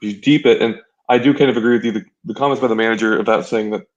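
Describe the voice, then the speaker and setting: A man's voice: fairly low pitch, fairly even intonation, very fast, highs cut off. A man on a football fan panel, talking in a laid-back, blunt way. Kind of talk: casual fan chat.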